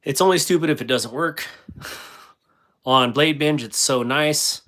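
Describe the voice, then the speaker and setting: A man's voice: on the high side, slow pace, a bit bright. A man hosting a casual livestream, rambling with many fillers and restarts while he reads viewer comments aloud and answers them. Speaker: livestream host.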